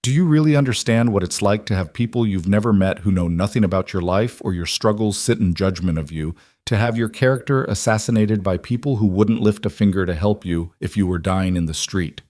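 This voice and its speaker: A man's voice: lowish voice, a little fast, hardly any pauses, a little mellow, dry recording, natural voice. A man voicing a proud young frontier woman who speaks sharply and bitterly. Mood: indignant.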